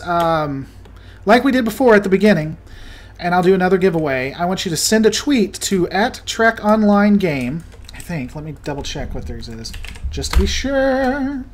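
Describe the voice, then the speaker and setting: A high-pitched man talks loosely as he hosts a game stream. He reads out viewer comments and jokes around as he plays. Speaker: livestream host. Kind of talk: casual chat while gaming.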